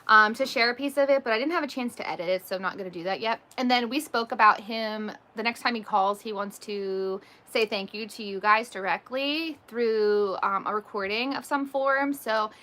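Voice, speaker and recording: Bright-voiced chatty woman vlogger. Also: fairly high pitch, moderate pace, hardly any pauses. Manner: chatty, laughs often, many ums. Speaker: vlogger and mother. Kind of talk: casual livestream storytelling.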